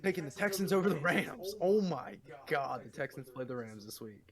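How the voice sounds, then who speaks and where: A man's voice: a little high, animated, normal speed, crowd noise. A man co-hosting a podcast, joking and teasing his friends in casual chat and swearing freely. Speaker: podcast co-host.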